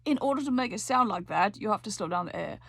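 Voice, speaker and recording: A woman's voice: medium pitch, expressive, fast, gravelly, a bit bright, husky, no room sound. A woman teaching a voice lesson, coaching with frequent check-ins and sung demonstrations. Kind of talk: singing lesson explanation.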